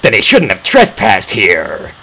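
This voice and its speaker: A man's voice: deep voice, very animated, a little slow, creaky, sharp tone, slightly rough, voice pushed down, exaggerated voice. A man voicing a menacing, growling male beast who rules a castle. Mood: angry.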